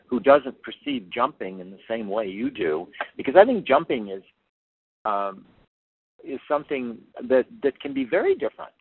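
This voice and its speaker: A man's voice: medium pitch, big pitch swings, moderate pace. Older man coach on a phone line. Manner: earnest and plainspoken, repeats words as he thinks. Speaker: figure skating coach. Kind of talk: interview answers. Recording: tinny phone-line sound, dry.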